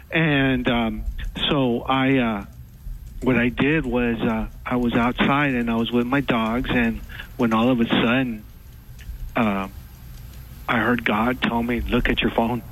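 A man calling in to a radio show, telling a story haltingly with many pauses and fillers. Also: medium pitch, steady tone, fairly bright tone, poor audio. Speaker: caller. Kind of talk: call-in radio talk.

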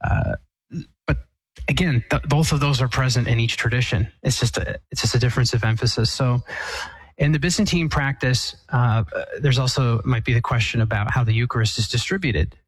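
A man, an Eastern Catholic priest, answering a caller's question on a call-in show, explaining slowly and thoughtfully, often restarting his sentences. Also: medium pitch, husky, no room sound, rough recording.

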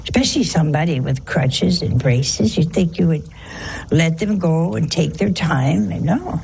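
A nun preaching a homely sermon, folksy and humorous, telling anecdotes and acting out family quarrels. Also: female voice, low-pitched, animated, moderate pace, vocal fry, warm tone, husky, poor audio.

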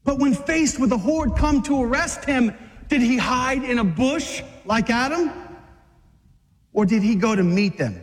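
A man preaching a fiery sermon to men, dramatic, acting out scenes and shouting at the peaks. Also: very high-pitched, very animated, moderate pace, big-room sound.

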